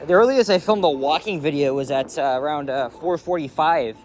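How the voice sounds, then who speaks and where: A man chats loosely as he walks through a city street at dawn, rambling, full of fillers and casual swearing. His voice sits a little high. He is picked up by a handheld camera mic, with faint traffic and street noise behind him. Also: brisk. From Canada. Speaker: walking vlogger. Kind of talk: casual walking commentary.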